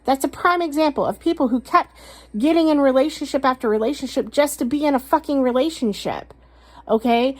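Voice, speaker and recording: A woman doing a casual tarot reading, blunt and emphatic, swearing often as she rants and gives advice. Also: high-pitched. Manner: blunt, ranting, swears a lot; emphatic, stresses words slowly. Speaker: tarot reader.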